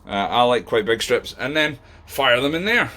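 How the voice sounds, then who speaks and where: A man of middle pitch talks his way through a home cooking video, chatty and rambling, filling gaps with ums and uhs. He sounds like he is filming himself on a camera in his own kitchen. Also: lively intonation, moderate pace, bright, forceful tone. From Scotland. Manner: chatty, rambling, many fillers. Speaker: podcast host.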